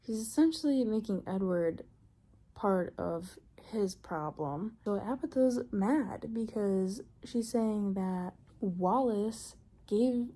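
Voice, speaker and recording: A young woman vlogger casually recapping a novel in a chatty, exasperated, animated way. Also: medium pitch. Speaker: book vlogger.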